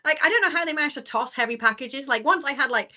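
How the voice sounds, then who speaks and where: A woman co-hosting a podcast, chatting casually and chiming in with quick agreement. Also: high voice, expressive, pushed and bright. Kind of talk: casual chat.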